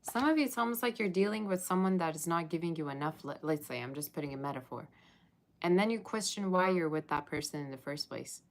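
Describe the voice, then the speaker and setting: A woman's voice: low voice, animated, fast talker. A woman reading tarot on a live stream, chatting with viewers in the chat and sometimes dropping to a whisper. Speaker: tarot reader.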